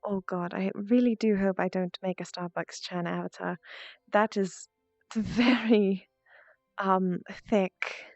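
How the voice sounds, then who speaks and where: A woman doing a calm, seductive posh librarian. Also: medium pitch, slow, no room sound, muffled recording, faint music behind. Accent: put-on posh English. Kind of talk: in-character VR role-play.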